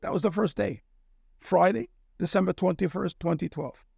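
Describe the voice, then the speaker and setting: A middle-aged man from Cuba with a gravelly, somewhat raised voice, telling a personal story as a guest. He speaks earnestly and keeps checking in with his listener with a quick "okay?". The sound is close and dry. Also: sits high, darkish tone, no room sound. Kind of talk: casual storytelling in conversation.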